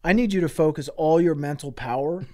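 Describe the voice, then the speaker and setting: A man's voice: on the high side, brisk, dark tone. A man co-hosting a podcast, escalating an absurd, crude improvised story with swearing and laughter. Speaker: podcast co-host.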